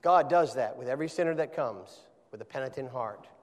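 A man preaching a sermon, emphatic, often rising to forceful peaks, with quiet stretches in between. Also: mid-range voice, lively intonation, fairly quick, big-room sound. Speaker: pastor.

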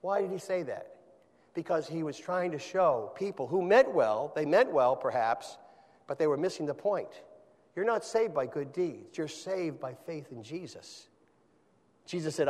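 A man with a fairly high voice preaches a sermon, emphatic and building to forceful peaks. His words ring out with a long reverb that trails behind them. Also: expressive, a little slow. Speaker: pastor.

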